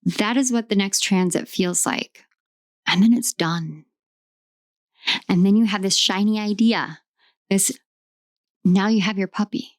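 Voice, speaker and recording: A woman gives a tarot reading, stacking emphatic, repetitive affirmations. She speaks slowly and deliberately. Her voice is recorded close and dry. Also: medium pitch, dry recording. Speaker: tarot reader.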